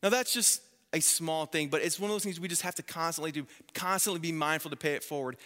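Bright-voiced pastor preaching in a hall. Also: male voice, fairly high pitch, fast talker. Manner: animated storytelling, acts out quoted voices. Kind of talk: sermon. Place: church sanctuary. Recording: long reverb of a church hall.

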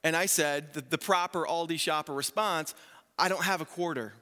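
Male pastor, 30s, bright and slightly high voice, animated sermon storytelling, long church-hall reverb. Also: normal speed. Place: church sanctuary.

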